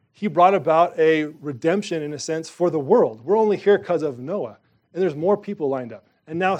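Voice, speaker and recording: A man's voice: a little high, darkish tone. A man preaching a sermon in a casual, conversational way, with emphatic rises in his voice. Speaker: pastor.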